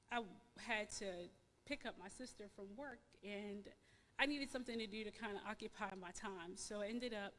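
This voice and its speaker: A woman giving a personal testimony in church, halting and emotional, repeating words with many fillers. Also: medium pitch, a bit bright, long reverb tail. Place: church sanctuary.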